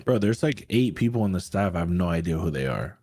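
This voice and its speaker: A man's voice: deep voice, animated, quick pace, a little mellow, husky. A young man co-hosting a morning talk show, laid-back and profane, drawing out his reactions. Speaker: co-host. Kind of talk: casual profane banter.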